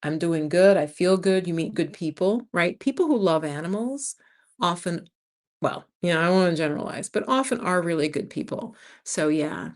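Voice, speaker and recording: A woman over fifty from the United States, hosting a casual livestream and chatting with viewers, telling stories with lively acted-out quotes. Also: on the low side, normal speed. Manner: animated storyteller, acts out other people's lines. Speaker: livestream host. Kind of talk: casual live-chat talk to viewers.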